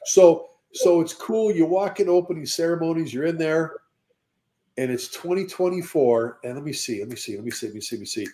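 Fire service veteran, animated storyteller, relaxed mellow voice. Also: male voice, on the high side, fairly quick. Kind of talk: casual chat.

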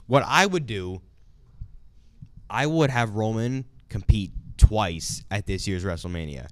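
A man's voice: fairly low pitch, clean tone, no room sound. A young man co-hosting a casual talk show, speaking with enthusiastic, opinionated energy. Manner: enthusiastic, opinionated, animated storytelling. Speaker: co-host of a wrestling talk show. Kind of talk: casual chat.

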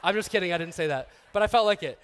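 A man in his thirties preaching a sermon as pastor, conversational and joking, with restarts, who acts out quoted people in a softer, lower voice. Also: expressive, very fast, clear, resonant tone.

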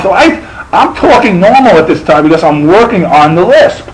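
A man's voice: sits high, animated, a little fast, rough recording. A middle-aged man with a lisp, telling a profane, rambling stand-up story full of restarts. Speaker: stand-up comedian.

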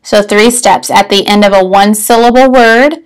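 A woman's voice: medium pitch, normal speed, clean tone, low-quality recording. A woman teacher explaining a spelling rule step by step, patient and methodical, often checking in with her students. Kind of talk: recorded spelling lesson.

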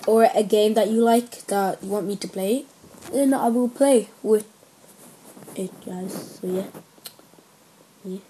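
A young woman giving casual gameplay commentary as host of her gaming channel, rambling and repeating herself, with sudden excited shouts. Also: medium pitch, slight background noise.

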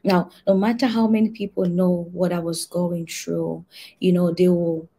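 A woman pastor giving an earnest prophetic testimony and prayer, repeating key phrases and moving between soft murmurs and shouted prayer. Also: fairly low pitch, little pitch movement, normal speed, breathy edge.

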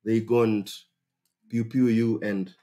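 Taking things slowly in a low-leaning voice, this Kenyan-accented man hosts a relaxed advice livestream. He's animated and exclamatory, often repeating phrases to drive points home.

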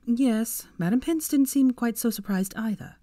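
A clever, prickly young witch, as a woman reads her, her pitch lifted and her tone brisk and exasperated. The voice swings widely up and down. It sounds dry and close to the mic. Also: big pitch swings, a little mellow, dry recording.

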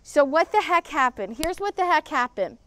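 A woman's voice: sits high, very animated, normal speed, bright, forceful tone, slight background noise. A woman hosting a local history vlog outdoors beside a pool, talking in a rambling, emotional way that gets heated, with swearing. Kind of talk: on-location vlog.

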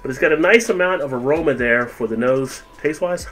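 A man's voice: mid-range voice, a little fast, faint music behind. A man hosting his own food review video, chatting casually while tasting and talking with his mouth full. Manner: relaxed, chatty, tastes and comments with full mouth.

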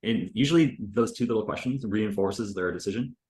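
A man's voice: fairly low pitch, fairly quick, darkish tone, reverberant. A man reviewing a recorded sales call in casual commentary, loose and chatty, full of filler words and the odd swear.

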